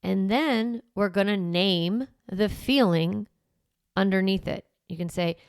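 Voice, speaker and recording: Gravelly-voiced woman coaching parents. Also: mid-range voice, slow pace, no echo, studio quality. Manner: direct coaching, frequent "okay?" and "right?" check-ins; walks through step-by-step scripts. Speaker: parenting podcast host. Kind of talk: instructional podcast monologue.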